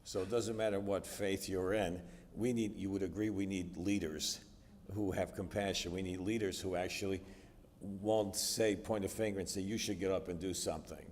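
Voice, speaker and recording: A man's voice: deep voice, fairly even intonation, moderate pace, a little mellow, slight background noise. A middle-aged man from the United States giving a personal testimony sermon in a church, telling his story conversationally with frequent fillers. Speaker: guest speaker. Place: church sanctuary. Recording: distant reverberant church hall.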